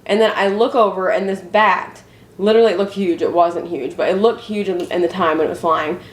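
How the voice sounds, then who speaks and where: A woman's voice: on the low side, fairly even intonation, brisk. Chatty young woman vlogging at home. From Indiana. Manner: chatty storytelling with frequent fillers and restarts. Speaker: family vlogger. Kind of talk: casual chat to camera. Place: her home, indoors. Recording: echoey room, faint noise.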